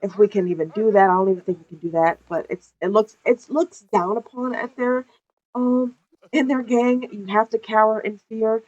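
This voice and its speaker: A woman's voice: mid-range voice, steady tone, moderate pace, darkish tone, muffled recording. Chatty, foul-mouthed woman gamer. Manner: profane, laughs often, chatty. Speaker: gameplay narrator. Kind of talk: casual game commentary.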